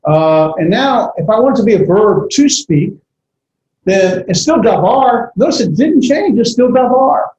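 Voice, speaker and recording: A man lectures to a class with a mellow voice that sits a little high. He halts often, filling pauses and restarting his sentences. The recording is dull and lo-fi, with a roomy echo and faint noise behind. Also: expressive. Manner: halting, many fillers and restarts. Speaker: instructor.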